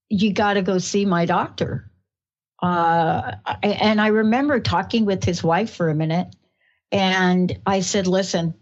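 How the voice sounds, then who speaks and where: A talk radio host with a New York accent speaks in an effusive, rambling way at a middle pitch. Her emotion keeps spilling into her questions. The broadcast sound is slightly muffled.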